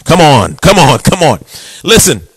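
Man, pastor, fiery call-and-response sermon, high voice, dry close sound. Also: big pitch swings, breathy edge, no room sound. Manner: dramatic, call-and-response preaching with shouted peaks and sung phrases; slips into a low, quick storytelling voice.

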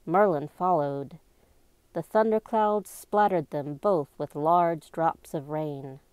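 A woman narrating a novel aloud, slow and deliberate in her storybook reading. Her voice is mellow and slightly low. The sound is close and dry, with no echo. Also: clean tone. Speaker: amateur reader.

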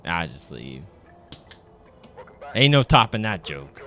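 A man's voice: low-pitched, sing-song, slow pace, sharp tone. A man streaming a game from home, chatting casually, cracking crude jokes and laughing often. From United States. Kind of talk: casual gaming stream chat.

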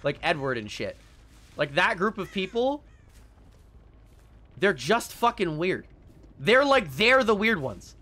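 A man's voice: sits high, sing-song, slow pace, pauses often, pushed and bright. A young man streaming a game live, casually ranting and swearing, laughing at himself between rants. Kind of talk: casual live-stream chat while gaming.

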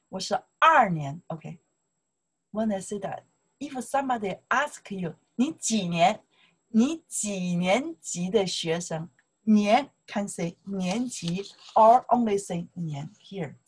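Woman teaching grammar real slow, husky voice, keeps asking okay?. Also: medium pitch, fairly bright tone. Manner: slow, repeats "okay?" often, broken English. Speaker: Chinese language teacher. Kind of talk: explaining grammar to learners.

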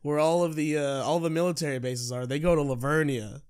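A man's voice: a little high, steady tone, a little fast, darkish tone, clean tone. A young man, joking and laughing often while co-hosting a podcast. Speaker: podcast co-host. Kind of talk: casual chat.

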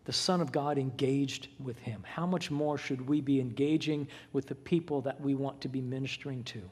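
Pastor preaching in a reverberant hall. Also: male voice, mid-range voice, steady tone, normal speed, a little mellow, breathy edge. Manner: dramatic retelling with voiced quotes. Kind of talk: sermon. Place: church sanctuary.

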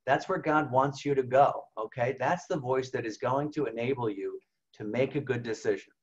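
Priest, mid-pitched male voice, chatty teaching delivery, muffled video-call sound. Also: moderate pace. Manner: conversational, frequent "okay?" and "right?" check-ins. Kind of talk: informal spiritual talk. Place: home over video call. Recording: slightly dull video call audio.

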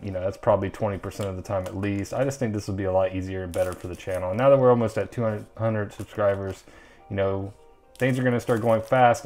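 A man's voice: on the low side, a little mellow. A young man hosting a casual card-opening video, chatting and rambling with lots of ums and uhs. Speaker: channel host opening trading card packs.

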